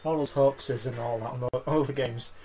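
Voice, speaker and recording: A man's voice: mid-range voice, steady tone, normal speed, music in the background. A man chatting casually about games, rambling with restarts. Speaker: let's play co-host. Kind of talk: casual gaming chat.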